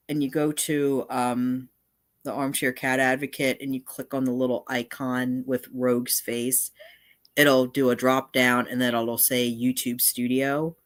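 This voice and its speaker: A woman hosting a casual live stream, chatting in a meandering way and often breaking off to circle back mid-thought. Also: extremely low pitch. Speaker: channel host.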